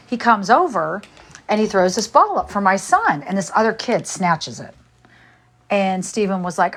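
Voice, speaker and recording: A woman's voice: mid-range voice, expressive, unhurried. A woman in her forties chatting casually on a livestream while cleaning her house, a little out of breath and rambling from story to story. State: slightly out of breath. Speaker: livestream host. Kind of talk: casual chat. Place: home, walking around while cleaning. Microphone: phone, camera off.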